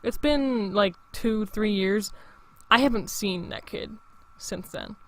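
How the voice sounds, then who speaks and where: A man's voice: sits high, slow pace, fairly bright tone. A young man in his late teens, hosting his own show in a rambling, profane casual monologue full of restarts. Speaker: show host.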